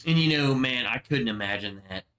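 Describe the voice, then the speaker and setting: A man's voice: mid-range voice, expressive, a little fast, pushed and bright. A young man hosting a casual livestream, telling rambling, emotional stories with plenty of swearing. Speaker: livestream host.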